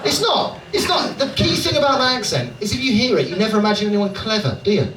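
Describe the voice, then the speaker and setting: A man's voice: high-pitched, lively intonation, fast talker, recorded from a distance. A British man from Dorset doing stand-up crowd work, chatty and self-mocking, often checking in with the crowd. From Dorset, England. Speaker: stand-up comedian. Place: comedy club stage. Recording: echoey club audio from afar, noisy. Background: audience laughter and room noise.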